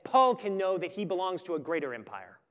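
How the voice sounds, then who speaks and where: A pastor preaching a sermon with earnest emphasis that swells and then turns quiet and intimate. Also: male voice, sits high, big pitch swings, fairly quick. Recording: long hall reverb.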